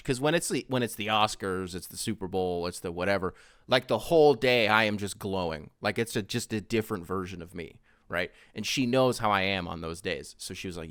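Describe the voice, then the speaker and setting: A young man hosts a casual solo podcast in a fairly low voice. He rambles and swears, jumping from loud bursts to mumbled asides. He is recorded close on the mic in a dry room. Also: animated, fairly quick, clean tone, no room sound. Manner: rambling, swears often, mimics voices in quotes. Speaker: podcast host.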